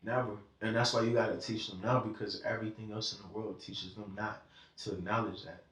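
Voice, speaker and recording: This podcast participant has a lowish, steady, slightly bright voice and a brisk pace, yet he speaks emotionally and animatedly in bursts, swearing freely through the casual chat. His voice is picked up by a distant mic in an echoey room.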